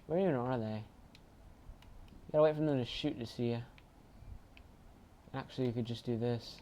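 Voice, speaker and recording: A man casually commentating his own video game play, chatty and bursting into excited shouts. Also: medium pitch, normal speed. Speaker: gaming channel host.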